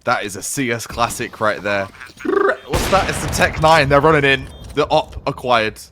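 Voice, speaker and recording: A man calling a competitive shooter match as play-by-play caster, with lively, punchy calls and slang. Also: medium pitch, moderate pace, background noise. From Canada. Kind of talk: esports play-by-play commentary.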